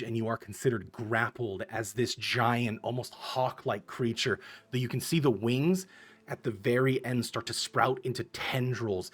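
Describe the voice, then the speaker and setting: A man running a tabletop fantasy game as game master, describing scenes vividly and calling for rolls. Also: mid-range voice. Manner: vivid descriptive narration, rising intensity in danger.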